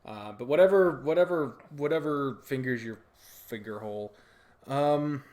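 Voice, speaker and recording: A man's voice: medium pitch, a little slow, darkish tone. A young man co-hosting a podcast, chatting casually, joking around and swearing freely. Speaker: podcast co-host. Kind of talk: casual chat.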